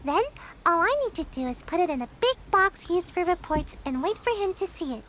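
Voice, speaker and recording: A woman's voice: very high-pitched, expressive, a little fast, background noise. A woman voicing a timid, sleepy little girl ninja in a game, who sighs and yawns. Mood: flustered. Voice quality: drowsy, sighing, yawning.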